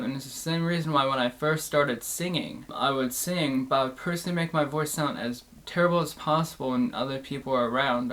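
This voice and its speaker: A man's voice: mid-range voice, fairly bright tone. Earnest young man, plain-spoken host. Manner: earnest, reflective, plain-spoken with loose run-on phrasing. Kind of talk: candid personal monologue.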